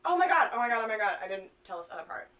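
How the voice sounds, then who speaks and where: A young woman vlogger casually retelling a plot to a friend, animated and full of swearing and fillers. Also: fairly high pitch, rapid-fire, distant mic, muffled recording.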